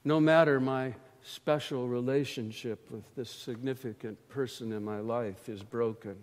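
A man preaching a sermon in a church, slow and emphatic, swelling loud on key phrases and dropping low between them. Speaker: pastor. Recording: reverberant church hall.

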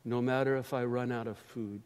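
A man preaching a sermon in a church, slow and emphatic, swelling loud on key phrases and dropping low between them. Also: fairly even intonation, smooth. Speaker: pastor. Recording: reverberant church hall.

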